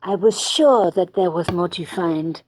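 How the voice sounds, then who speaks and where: A woman's voice: on the low side, measured pace, darkish tone, slight background noise, close to an everyday voice, rough recording. A woman voicing a wry young game narrator. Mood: dry. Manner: dry, sardonic.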